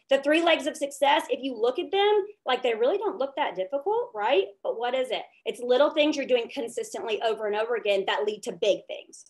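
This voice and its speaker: A woman giving a motivational leadership talk over a video call, tagging her points with "okay?". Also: high voice. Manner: upbeat and preachy, tags lines with "okay?". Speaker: direct sales team leader.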